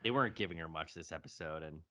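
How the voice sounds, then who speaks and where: A man's voice: extremely low pitch, quick pace, sharp tone. A man co-hosting a casual review podcast, recapping the plot with dry jokes. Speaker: podcast co-host.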